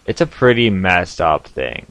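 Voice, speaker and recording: A young man telling stories to camera from his home basement in a casual, animated way, with sudden loud outbursts and frequent laughs. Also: sits low, measured pace, no room sound. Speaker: vlogger.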